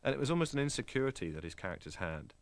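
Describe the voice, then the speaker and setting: A man's voice: medium pitch, very animated, very fast, no room sound. A man in a documentary interview who speaks thoughtfully and analytically, slipping into brief imitations. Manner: thoughtful, analytical, with mimicking asides.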